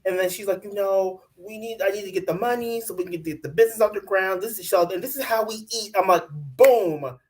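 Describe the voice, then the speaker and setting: A woman's voice: medium pitch, steady tone, quick pace, hardly any pauses. A woman co-hosting a casual reality TV recap, ranting bluntly and in exasperation, and putting on mock voices for the people she talks about. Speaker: co-host of a reality TV recap show. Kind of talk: casual chat.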